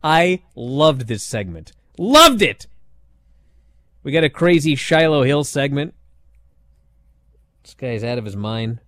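A man hosting a wrestling recap show, talking in a sarcastic, animated way and acting out what others said. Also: medium pitch, slow, long pauses, no room sound. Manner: sarcastic, animated, acts out quotes. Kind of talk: casual recap commentary.

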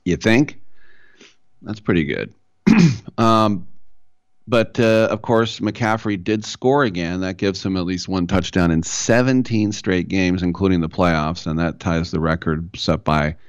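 A man's voice: deep voice, measured pace, no echo, dull audio. A man hosting a solo sports talk show, casual and opinionated with wry asides. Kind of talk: solo sports radio monologue.

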